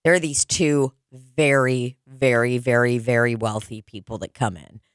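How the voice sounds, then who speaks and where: A woman's voice: very deep voice, steady tone, unhurried, clear, resonant tone, no echo, clean studio sound. A young woman telling a story in casual podcast chat, joking and swearing freely. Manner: profane, jokey storyteller.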